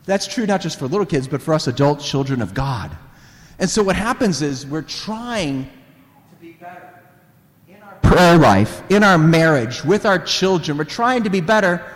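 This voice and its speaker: Animated preacher in a ringing hall. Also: male voice, a little high. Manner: animated, laughs often while telling family stories. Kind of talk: sermon storytelling. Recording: reverberant hall.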